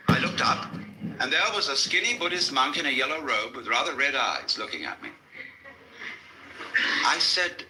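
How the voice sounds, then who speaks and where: A man's voice: medium pitch, very animated, moderate pace, pushed and bright, echoey room, a little hiss or hum, rough recording. A man giving a public lecture to a live audience, telling stories in a wry manner with dry asides.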